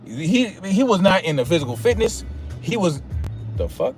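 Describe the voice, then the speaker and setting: A man's voice: high-pitched, very animated, normal speed, soft background music. A man hosting a livestream, telling a story in a casual, profane, rambling way with many restarts. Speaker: livestream host.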